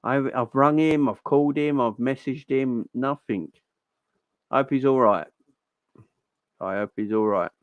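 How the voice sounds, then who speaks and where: A man's voice: mid-range voice, measured pace, long pauses, no echo, muffled recording. Chatty man hosting a livestream. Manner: chatty, gives shout-outs and reacts to viewers' comments. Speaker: host of a football fan livestream. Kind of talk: casual livestream chat.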